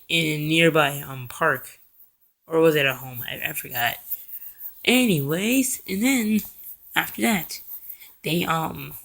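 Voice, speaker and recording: A young man with a fairly high, sharp voice casually recaps a cartoon episode. He rambles, uses fillers, corrects himself, and briefly acts out the characters' lines in quick voices.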